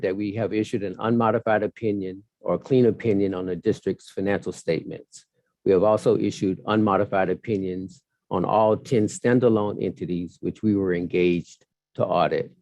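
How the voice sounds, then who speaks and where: Man, deep and warm-toned, formal measured presenter of audit results. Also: no echo. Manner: measured, formal, with some fillers. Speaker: audit firm partner presenting. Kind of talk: formal presentation at a council hearing.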